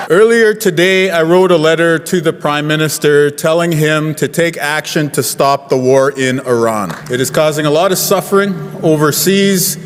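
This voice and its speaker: A Canadian male politician delivers a forceful, rhetorical speech. His voice is quite high for a man, and it rings out with a long reverb as if in a large hall. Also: moderate pace, hardly any pauses, a little hiss or hum.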